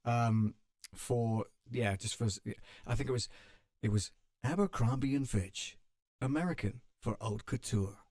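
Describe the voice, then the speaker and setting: A British man hosts a live stream in relaxed, chatty talk with a self-deprecating streak. His voice sits at a middle pitch and sounds dry and close. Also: measured pace, dry recording. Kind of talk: casual chat on a live stream.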